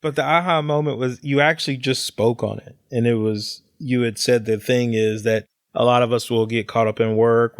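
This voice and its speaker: A man talking on a podcast in casual chat, swearing often and pushing his voice high when he gets worked up. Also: fairly even intonation, normal speed, few pauses, dry recording, studio quality. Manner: profane and emphatic, voice climbs high when fired up. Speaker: podcast guest.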